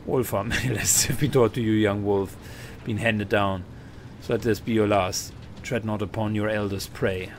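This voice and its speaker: A solemn, proud warrior of a wolf clan speaks in a rough Scottish brogue, as a man reads the game lines aloud. He declaims every line with grave weight in a low voice. A faint hiss sits under the speech. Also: fairly even intonation, unhurried. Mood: stern. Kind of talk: reading game dialogue aloud.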